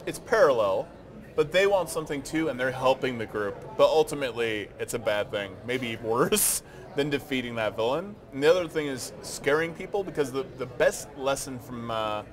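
A man's voice: mid-range voice, lively intonation, moderate pace, soft background music. A man interviewing game writers in a casual, chatty way, laughing easily and stressing points with emphatic asides.

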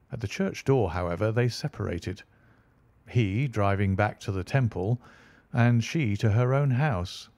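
A man narrating an audiobook in a measured storytelling delivery. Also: mid-range voice, a little mellow, dry recording.

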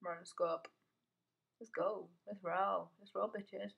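A man's voice: high voice, fairly even intonation, a little slow, gravelly, fairly bright tone. A teenage boy giving casual gameplay commentary. He mutters to himself, swears, and yelps whenever something startles him. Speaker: gamer.

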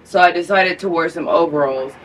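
A woman's voice: lowish voice, fairly quick, faint music behind. A young woman from the United States, talking casually to camera in a travel vlog with crude, sarcastic jokes, recorded close up indoors at a friend's home. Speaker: vlogger.

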